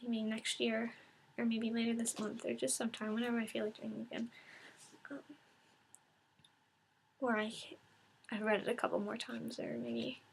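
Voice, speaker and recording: A woman reviewing a book in a casual, unedited vlog, speaking softly and half-whispering, close to tears, with many pauses and restarts. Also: fairly high pitch, flat delivery, vocal fry, a little hiss or hum.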